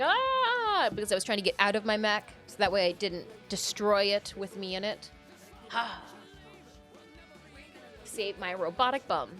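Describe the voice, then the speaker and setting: A woman from Michigan is streaming a game, chatting playfully with viewers and reading their names aloud. Her voice is mid-range and a bit bright. Faint game music plays in the background of this casual stream chat.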